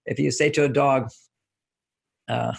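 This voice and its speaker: Gravelly, husky older man explaining. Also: mid-range voice, a little slow. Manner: relaxed, anecdotal, repeats key phrases. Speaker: relationship author as guest. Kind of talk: explanatory interview talk.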